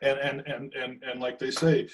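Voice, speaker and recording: A man's voice: mid-range voice, little pitch movement, normal speed, a little hiss or hum. A man hosting a talk show, asking long questions and repeating words as he builds them. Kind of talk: interview questions.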